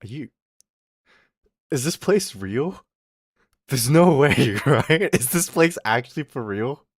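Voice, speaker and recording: A man's voice: medium pitch, animated, slow pace, breathy edge, dry recording, clean studio sound. A man streaming, telling a story in a casual, exasperated rant full of swearing and laughter. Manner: profane, exasperated, often laughing.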